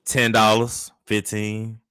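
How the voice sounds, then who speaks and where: A man's voice: lowish voice, completely flat delivery, slow pace, pushed and bright, smooth. A man co-hosting a casual gossip show, joking and incredulous as he reacts to stories. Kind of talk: casual chat.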